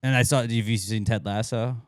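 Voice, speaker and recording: A man's voice: medium pitch, fairly even intonation, fairly quick, smooth, no echo, studio quality. A man hosting a podcast in casual, joking chat, recorded indoors around a coffee table. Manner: joking, loose and playful. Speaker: podcast host.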